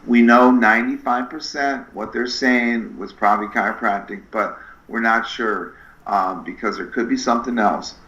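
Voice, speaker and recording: A middle-aged man with a bright, forceful voice tells his stories with lively energy and slips into different voices for the people he quotes. The sound bounces around an echoey room, and the recording is a little muffled. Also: medium pitch, normal speed. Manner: animated, acts out quoted dialogue with shifting voices. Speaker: podcast guest, spinal screener. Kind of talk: energetic storytelling interview.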